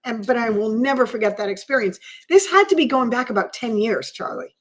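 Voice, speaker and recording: Earnest woman telling a story, fairly high voice. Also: lively intonation, brisk, rough recording. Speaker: podcast co-host. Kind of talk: storytelling in casual chat.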